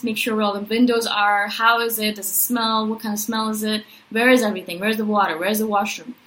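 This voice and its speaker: A woman vlogger telling a personal story in a chatty, rambling way, reeling off quick lists and tagging "right?" and "you know" onto her sentences. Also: a little high, a bit bright, poor audio. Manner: lists things in quick runs of questions; says "I'm like" and "I was like" before recounted thoughts. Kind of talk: casual storytelling monologue.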